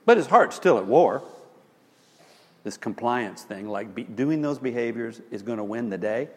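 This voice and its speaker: A man's voice: mid-range voice, normal speed, long reverb tail. A man teaching about marriage conflict, telling stories with wry asides. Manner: animated, storytelling, wry asides.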